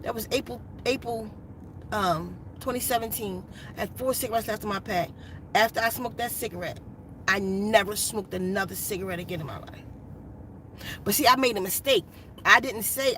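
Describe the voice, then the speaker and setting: A woman's voice: medium pitch, moderate pace, fairly bright tone, a little hiss or hum. A woman hosting a meditation channel, telling a personal story in a casual, earnest and repetitive way from inside her RV. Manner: earnest, repetitive, emphatic retelling.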